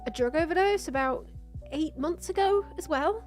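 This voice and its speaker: High, chatty woman streamer. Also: lively intonation, normal speed, soft background music. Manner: chatty and rambling, with laughs and trailing fillers. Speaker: streamer and host. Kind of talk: casual chat. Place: home.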